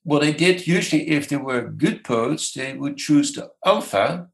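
Gravelly-voiced man explaining at length. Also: on the high side, lively intonation, low-quality recording. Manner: measured, lecturing, many hesitations. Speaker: scholar guest. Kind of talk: explanatory interview answer.

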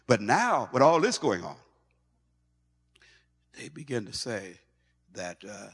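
A male pastor preaching a sermon in an animated way, stumbling over and repeating words as he goes. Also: medium pitch, slow pace, pauses often, slightly rough. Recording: long hall reverb.

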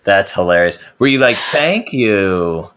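A man's voice: fairly low pitch, lively intonation, slow, fairly bright tone. A man co-hosting a podcast in casual chat, reacting with short, easygoing remarks. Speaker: podcast co-host.

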